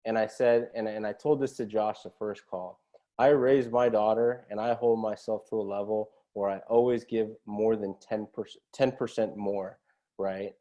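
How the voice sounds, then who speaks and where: Here a man with a fairly low, warm voice and fairly even intonation talks at normal speed. Appearing on a podcast, he recounts a story casually, sounding earnest and motivating. He tends to finish phrases with "right?" as a question.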